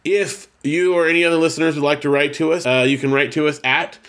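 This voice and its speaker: A man's voice: on the high side, steady tone, quick pace, a bit bright. Rambling male podcast co-host. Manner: rambling, self-correcting, reads listener mail aloud. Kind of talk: casual chat.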